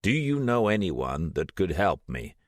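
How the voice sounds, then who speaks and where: Narrator doing a commanding male professor, deep voice, urgent, audiobook. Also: sing-song, measured pace, no room sound, clean studio sound. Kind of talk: audiobook character voice.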